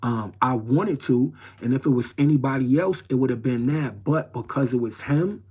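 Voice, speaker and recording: A man's voice: mid-range voice, normal speed, warm tone, slightly rough. Middle-aged man, from New York City, streetwise storytelling, rambling, repeats himself, casual livestream talk. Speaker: livestream host.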